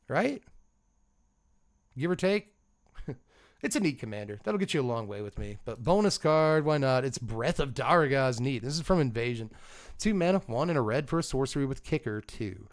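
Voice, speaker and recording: Male channel host, chatty rambling reviewer, laughs a lot, mid-range voice. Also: medium pitch. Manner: rambling, laughs often, lots of fillers. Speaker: host of a card game channel. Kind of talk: casual card review.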